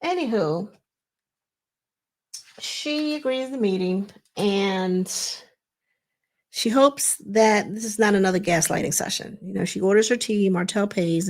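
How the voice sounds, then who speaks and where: A woman's voice: mid-range voice, a little mellow. A woman hosting a casual recap of a reality TV episode. She talks in a chatty, digressive, slangy way as she retells scenes.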